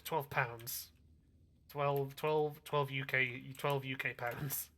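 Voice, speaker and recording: A man's voice: mid-range voice, fairly even intonation, takes it slowly, bright, forceful tone. Rambling man. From Northwest England. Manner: rambling, meandering explanations full of fillers. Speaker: gaming streamer. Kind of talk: casual gameplay chat.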